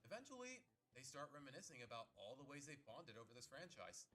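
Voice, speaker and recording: Fast-talking man narrating a review. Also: mid-range voice, wildly swooping pitch, sharp tone, soft background music.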